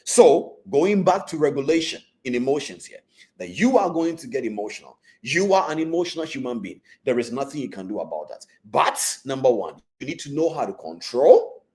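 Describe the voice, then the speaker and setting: A man's voice: medium pitch, sing-song, brisk, a little mellow. Trading mentor man, repeats each point. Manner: repeats key points, keeps asking "are you with me?". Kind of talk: live online class teaching.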